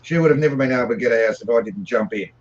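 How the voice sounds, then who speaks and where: A man's voice: medium pitch, racing, dull audio. A man calling in for a casual chat, plain-spoken and leaning on "you know.". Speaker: caller.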